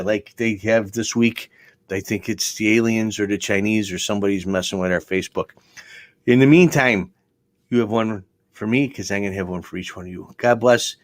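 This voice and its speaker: A man's voice: lowish voice, fairly bright tone, no echo. A man hosting a casual comedy podcast, dry and joking in a laid-back way. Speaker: podcast host.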